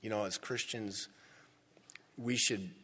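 A man's voice: on the low side, fairly even intonation, slow pace, pushed and bright, breathy edge. Man, pastor, sermon, emphatic repetition, long church reverb. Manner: emphatic, repeats words for stress.

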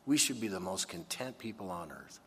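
A man preaching a sermon in an animated way, sometimes acting out complaining voices. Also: low voice, fairly quick, long reverb tail, slight background noise. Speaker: pastor.

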